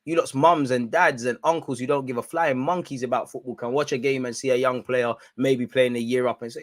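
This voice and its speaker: A young man giving excitable, slang-filled banter on a live football watch-along stream. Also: mid-range voice, fairly quick, few pauses, dry recording.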